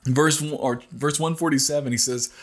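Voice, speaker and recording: A middle-aged man hosting a casual morning devotional, teaching through scripture in an earnest way that speeds up and slows down. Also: on the high side, fairly even intonation. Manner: earnest, speeds up and slows down, rises when acting out a cry.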